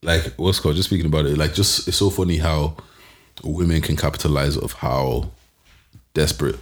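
Young male podcast co-host, very low voice, loose rambling delivery full of slang. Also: steady tone, moderate pace. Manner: laid-back, rambling, frequent restarts and slang. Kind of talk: casual chat.

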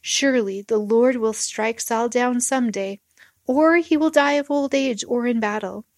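A woman's voice: on the high side, unhurried, dry recording. A woman reading aloud the lines of a young male warrior-king, giving them raised emphasis. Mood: earnest.

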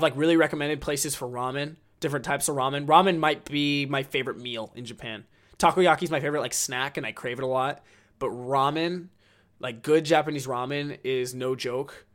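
A man's voice: mid-range voice, a bit bright. A man hosting a casual solo podcast, rambling enthusiastically with lots of ums and likes. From United States. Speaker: podcast host.

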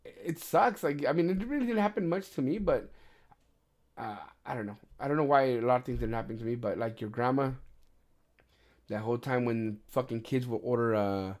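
Man, middle-aged, mid pitch, casual podcast chat, profane, animated. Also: moderate pace. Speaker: podcast host.

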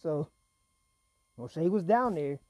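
A man talks through wrestling results in a loose, rambling way, now and then laughing mid-sentence. His voice sits a bit high for a man but has a dark, mellow tone. He is fighting off a cough, and the close recording is dry. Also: lively intonation, slow pace, no room sound. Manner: chatty, rambling, laughs while talking. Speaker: wrestling show reviewer. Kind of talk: casual solo recap.

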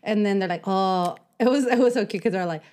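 A woman's voice: medium pitch, a little fast, noisy background. A woman chatting casually on a podcast, telling stories with laughter and acting out the voices of the people in them. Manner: storytelling, acts out quoted voices, laughs often.

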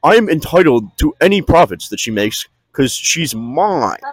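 A man's voice: fairly high pitch, sing-song, normal speed, no room sound, low-quality recording. A young man putting on a brash, boastful impression of a misogynist male influencer. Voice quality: over-the-top boastful delivery.

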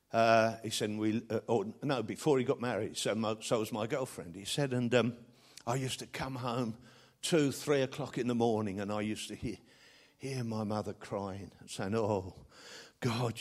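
Middle-aged preacher delivering a sermon. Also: male voice. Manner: animated, rising to loud scripture recitation then dropping low for a story.

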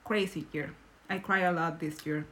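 A woman from Nicaragua, a podcast guest telling stories in lively, English and laughing often. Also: lowish voice, moderate pace. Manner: animated, laughing, non-native English phrasing. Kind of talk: casual storytelling in conversation.

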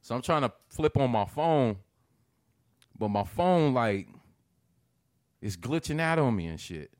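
A man telling a story in loose, profane chat, his voice leaping up high whenever he acts out his own reactions. The sound is close and dry, with no room around it. His delivery stays animated and lively from line to line. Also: unhurried, no room sound. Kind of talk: casual storytelling.

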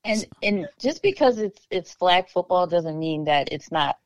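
A woman with a Southern drawl co-hosts a podcast and tells quick anecdotes with laughter in her voice. Her pitch sits on the low side. The recording is close and dry. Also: dry recording, lo-fi sound. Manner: animated storyteller, laughs while talking. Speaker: podcast co-host. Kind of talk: casual interview chat.

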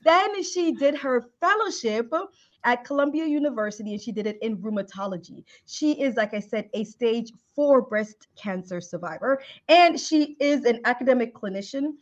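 A woman hosting a podcast interview, effusive and animated, piling on praise words. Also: on the high side, moderate pace, dull audio. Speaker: podcast host.

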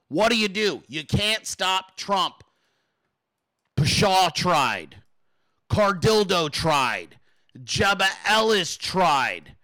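Male commentary host, high-pitched and profane, mocking with frequent laughs. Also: expressive, slow, bright, forceful tone, no echo. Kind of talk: political commentary show.

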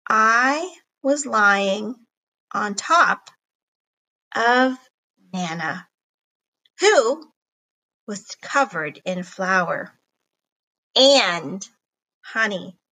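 A woman reading a children's chapter book aloud in an expressive storybook narration. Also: mid-range voice, very slow, pauses often, rough recording. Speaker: reader.

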